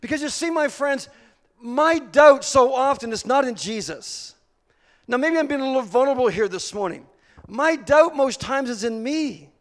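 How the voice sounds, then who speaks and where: A man with a very high voice preaches a sermon, slowing down to stress key points and then building to real fervor. His words ring out with a long reverb, as in a church sanctuary. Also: lively intonation. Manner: earnest preaching, slowing for emphasis, rising to fervor. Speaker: pastor.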